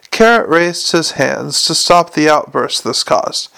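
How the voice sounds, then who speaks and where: A man's voice: a little high, lively intonation, measured pace, gravelly, few pauses, fairly bright tone. A man narrating a comic fantasy story aloud in a wry way, with the odd slip and restart. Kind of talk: audiobook narration.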